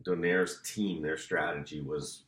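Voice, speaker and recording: Deep-voiced man in an echoey room. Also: steady tone, measured pace, a bit bright. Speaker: podcast co-host. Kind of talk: casual sports chat.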